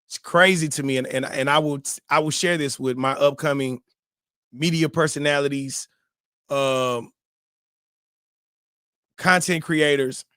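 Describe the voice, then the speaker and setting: A man hosting a morning live-stream show, giving casual, preachy advice in slangy talk that turns loud and animated, often repeating words. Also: on the high side, no echo, clean studio sound. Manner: slangy and conversational, repeats words when fired up.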